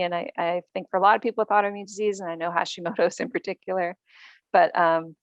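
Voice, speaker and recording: A woman's voice: lowish voice, dry recording. A woman guest author in a podcast interview, explaining earnestly with frequent ums.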